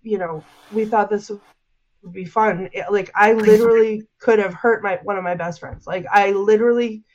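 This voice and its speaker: This woman's voice is mid-range and a little mellow, with fairly even intonation and a normal speed, though the highs are cut off. As an interview guest, she shares an emotional story about a frightening paranormal event. She rambles, says "like" constantly, and often starts over.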